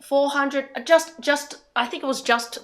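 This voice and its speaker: A young woman hosting a casual chat, excitable and tripping over her words as she restarts sentences. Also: high voice, unhurried. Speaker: host.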